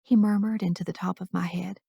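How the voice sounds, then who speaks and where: A woman's voice: on the low side, steady tone, a little fast, gravelly, warm tone, husky, dry recording, muffled recording. A woman narrating a first-person romance audiobook in an intimate, emotional reading.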